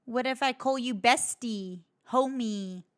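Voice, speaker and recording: A woman teasing an AI character in a playful chat, trolling it in a deadpan way. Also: on the high side, slow, smooth, dry recording, studio quality. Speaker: user chatting with an AI character.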